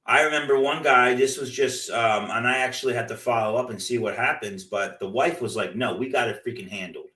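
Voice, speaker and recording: A man hosting a real estate investing show, giving a loose, animated motivational talk full of stories and "like". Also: medium pitch, brisk, hardly any pauses. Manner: loose, animated storytelling with frequent "like". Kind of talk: casual motivational talk with anecdotes. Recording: echoey room, distant from the mic.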